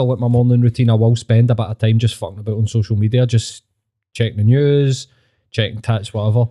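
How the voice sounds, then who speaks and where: Glaswegian man, podcast host, warm low-key tone, sweary mocking rant. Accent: Scottish (Glaswegian). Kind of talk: casual chat.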